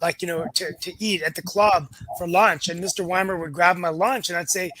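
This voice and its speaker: A woman from West Virginia, a former tennis player, telling stories in an animated way on a casual panel. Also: fairly low pitch, fairly quick, a little hiss or hum, low-quality recording. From West Virginia, USA. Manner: animated storytelling.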